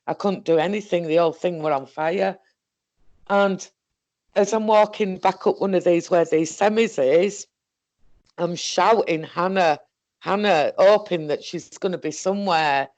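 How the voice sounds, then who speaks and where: A woman with a Northern English accent telling a personal story in a halting, rambling way, correcting herself and restarting as she goes. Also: fairly low pitch, a little mellow, lo-fi sound. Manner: halting, self-correcting, full of fillers and restarts. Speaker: guest recounting a paranormal experience.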